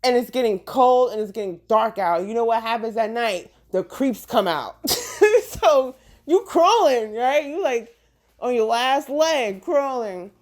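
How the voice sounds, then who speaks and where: A woman tells a comic story on a podcast, her fairly high voice bouncing lively from note to note. She talks casually, swears freely, and keeps checking in with her listener. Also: a little slow. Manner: animated, profane, conversational. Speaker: podcast host.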